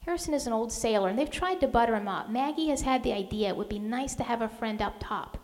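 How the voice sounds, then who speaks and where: A woman's voice: fairly high pitch, fast, darkish tone. A woman author giving a history lecture, telling the story expressively with dramatic readings. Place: lecture hall at a museum. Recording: long hall reverb.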